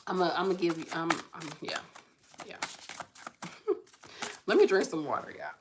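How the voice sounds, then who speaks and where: A woman's voice: fairly low pitch, expressive, moderate pace, noisy background. Chatty, effusive woman reading tarot. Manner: chatty, effusive, slangy, addresses viewers as y'all. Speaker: tarot card reader. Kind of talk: casual pick-a-card reading.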